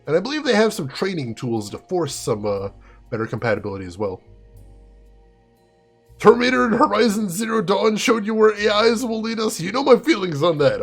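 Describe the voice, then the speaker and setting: A man's voice: fairly high pitch, husky. A man with a Chicago accent doing let's-play commentary, chatting with viewers and answering their comments. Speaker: game streamer.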